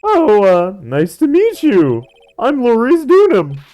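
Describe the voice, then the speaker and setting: A woman's voice: a little high, wildly swooping pitch, slow, warm tone, no echo, exaggerated voice, rough recording. A woman voicing a goofy, flustered young man in a game fan dub, stammering and gushing.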